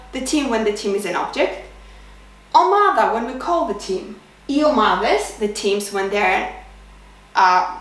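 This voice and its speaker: Woman, high lively voice, language teacher, patient step-by-step explanations, echoey room, mic far off. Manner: patient, explains step by step with fillers and self-corrections. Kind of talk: beginner language lesson. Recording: roomy echo, distant from the mic.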